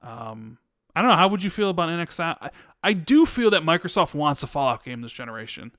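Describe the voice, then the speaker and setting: Smooth-voiced podcast host, man. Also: a little high, big pitch swings, brisk, fairly bright tone, dry recording, studio quality. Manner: hesitant, questioning, restarts. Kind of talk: casual chat.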